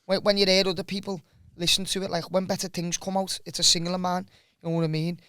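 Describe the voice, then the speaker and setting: A man's voice: high voice, flat delivery, fast, bright, forceful tone, smooth, no room sound, studio quality. A man with a Scouse accent, chatting casually on a podcast, sweary and loose, tagging "lad" onto his sentences. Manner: loose, sweary, peppers talk with "lad" and "you know what I mean". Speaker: musician and comedian guest.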